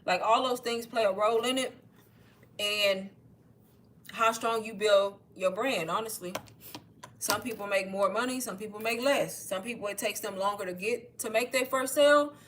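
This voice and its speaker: A woman talking casually on a livestream, pitching online courses, slightly out of breath and calling her viewers "y'all". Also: normal speed, a bit bright. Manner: chatty, addresses viewers as y'all. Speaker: online marketing creator. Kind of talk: casual livestream sales talk.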